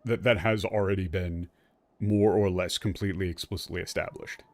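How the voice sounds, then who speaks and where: A man's voice: sits low, steady tone, normal speed, a little mellow, no room sound. A man streaming a game and explaining its story in casual, rambling commentary, full of fillers and restarts and the odd swear word. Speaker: streamer playing and translating a game.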